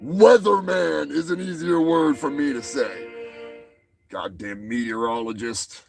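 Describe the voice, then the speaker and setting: Gravelly, rambling foul-mouthed man. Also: on the high side, measured pace, over music. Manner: rambling, crude, stumbles over words. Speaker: comedy show host. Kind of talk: profane comic monologue.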